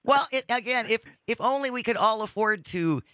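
A man's voice: extremely high pitch, lively intonation, normal speed, sharp tone, dry recording, studio quality. A man hosting a talk radio interview, joking with sarcastic asides. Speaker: radio talk show host.

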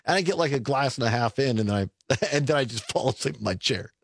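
A man's voice: medium pitch, animated, fast, creaky, slight background noise. A middle-aged man hosting a radio talk show, chatting casually with frequent chuckles and self-corrections. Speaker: radio host. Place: radio studio. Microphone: studio mic.

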